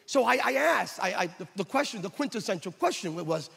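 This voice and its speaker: Emphatic high-voiced preacher in a hall. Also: male voice, lively intonation, a little fast, vocal fry, a bit bright, husky. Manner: emphatic preaching, acts out dialogue in anecdotes. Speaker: pastor. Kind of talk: sermon with personal storytelling.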